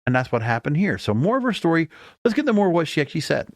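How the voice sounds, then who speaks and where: A man's voice: fairly high pitch, sing-song, very fast, no room sound, studio quality. A man hosting a podcast, commenting on an interview clip in a reflective way and circling back to repeated points. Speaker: podcast host.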